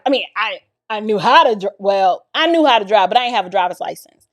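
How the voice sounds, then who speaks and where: A woman from the Bronx telling a personal story in a casual, expressive way, talking straight to her listeners. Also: on the high side, quick pace. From the Bronx, New York. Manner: animated and expressive, addresses listeners directly.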